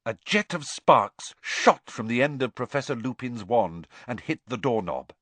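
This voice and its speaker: Male audiobook narrator, slow pace, lively pitch, dry close sound. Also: dry recording. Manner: dramatic, expressive storytelling.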